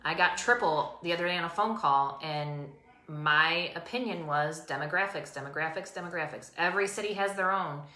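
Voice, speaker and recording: Lady realtor chatting, lowish voice, bright tone, echoey room. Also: fairly quick. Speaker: co-host, realtor. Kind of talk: casual chat.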